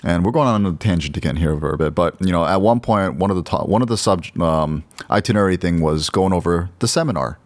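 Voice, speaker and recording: Very deep-voiced podcast host. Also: male voice, fast talker, hardly any pauses, no room sound. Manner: loose, filler-heavy announcements. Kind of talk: casual chat.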